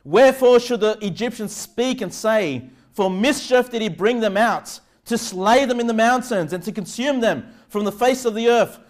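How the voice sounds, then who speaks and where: A man preaching a conversational sermon, moving between casual asides and loud, emphatic passages of prayer and scripture. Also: sits high, normal speed, hardly any pauses. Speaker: pastor.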